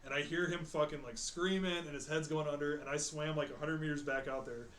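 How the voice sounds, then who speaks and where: Man, fairly high voice, profane energetic storyteller, echoey room. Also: fairly quick. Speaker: podcast co-host. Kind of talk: casual chat. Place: shared studio. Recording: roomy studio with faint noise.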